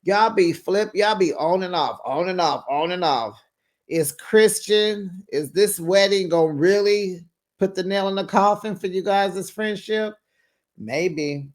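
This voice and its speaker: Reality show recap host, casual gossip chat, sassy, chatty, laughs a lot, mid pitch. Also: measured pace. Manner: sassy, chatty, laughs often, talks to viewers directly.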